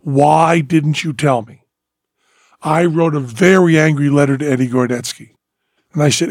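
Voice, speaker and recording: A man's voice: fairly high pitch, normal speed, dry recording, studio quality. A man hosting a podcast, telling long rambling stories with lots of energy and breaking into bits of songs. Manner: animated storyteller, bursts into sung snippets. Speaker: podcast host. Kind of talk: casual chat.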